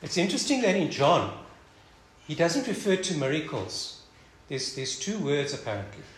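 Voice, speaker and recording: A man's voice: on the high side, sing-song, moderate pace. A man teaching a Bible passage in a conversational sermon, thinking aloud and often restarting or repeating words. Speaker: preacher. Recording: echoey room, faint background noise.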